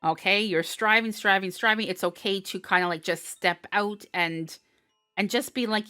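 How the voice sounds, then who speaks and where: A young adult woman, the tarot reader, does a live-streamed horoscope reading in a fairly low but pushed, bright voice at a moderate pace. She's bubbly and encouraging, laughing often and using fillers and restarts. The sound is studio quality with no echo.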